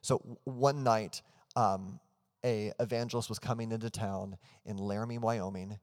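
A man's voice: on the low side, fairly even intonation, normal speed, darkish tone, long reverb tail. A man in his thirties preaching a sermon as pastor, telling a family story earnestly and leading into prayer. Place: church hall.

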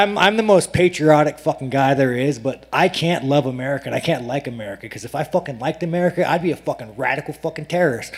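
Brash, foul-mouthed fighter at media day. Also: male voice, on the high side. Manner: brash, profane, rambling and mocking. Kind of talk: unfiltered press conference answers. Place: crowded media day press room.

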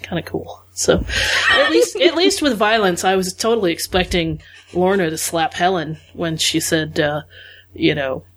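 Husky woman gabbing on a podcast, jokey, laughs at herself a lot. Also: on the low side, lively intonation, moderate pace, fairly bright tone. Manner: chatty, jokey, self-deprecating. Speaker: podcast co-host. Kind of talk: casual chat.

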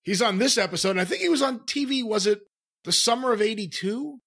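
Guy cohosting a review podcast, kinda high voice, laid back. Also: quick pace. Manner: relaxed, wraps up with plugs. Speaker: podcast co-host. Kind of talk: casual podcast review chat.

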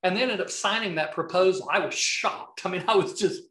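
A middle-aged Southern man with a high-pitched voice talks a little fast in a reverberant space. He's a video marketing coach appearing as a podcast guest, and in this casual interview he rambles through animated anecdotes, restarting his sentences again and again.

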